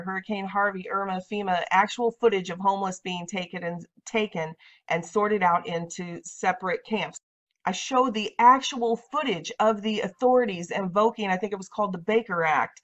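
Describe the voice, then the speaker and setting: A woman in her thirties talking to camera in a casual vlog monologue, emphatic and insistent, often repeating her points. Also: medium pitch. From United States. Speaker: vlogger. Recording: dull lo-fi audio.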